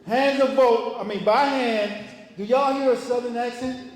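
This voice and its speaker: A man in his sixties, a business owner, speaking casually to an event crowd in a slow, folksy, joking way. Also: very high-pitched, fairly even intonation. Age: 60s. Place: large event hall. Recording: echoey hall, mic from far off.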